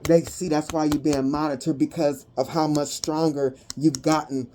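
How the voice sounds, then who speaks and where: A woman giving a tarot and energy reading to her viewers, talking in an animated, slangy way and breaking into sudden whoops of excitement. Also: deep voice, moderate pace, background noise.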